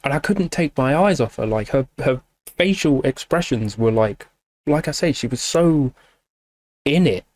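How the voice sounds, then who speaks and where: A man reacts to music on his channel in a mid-range, darkish, expressive voice at a measured pace, with no room sound. He gushes emotionally and casually, swearing freely and filling gaps with fillers.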